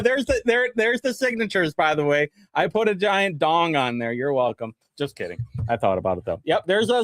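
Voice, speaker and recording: A man's voice: high-pitched, no echo, studio quality. A tipsy man hosting a comedic talk show, rambling and joking with many fillers and restarts.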